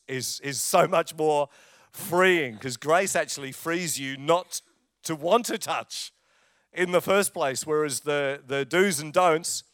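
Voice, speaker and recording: An older English-born man preaching with a smooth, clear voice pitched a little high. He tells jokes and personal stories to his congregation, and his voice sounds close and dry. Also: fairly bright tone, dry recording. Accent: English, lives in Australia. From England. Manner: humorous storytelling, jokes with audience. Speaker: pastor. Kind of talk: sermon with personal anecdotes.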